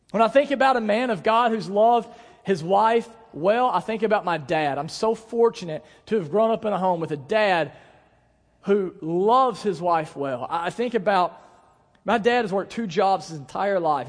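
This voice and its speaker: A man in his thirties, a pastor, preaching a sermon with earnest emphasis and playful storytelling asides. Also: high-pitched. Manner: earnest, emphatic preaching with slowed stress on key words. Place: church sanctuary. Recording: long church hall reverb.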